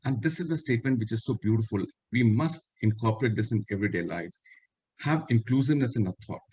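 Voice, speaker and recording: A man's voice: medium pitch, lively intonation, fast talker, darkish tone, husky. An older man with an Indian English accent, a retired army officer giving an earnest storytelling talk over a video call and repeating the lines he wants to stress. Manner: earnest, quotes others in direct speech, repeats key lines. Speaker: retired army general, webinar speaker.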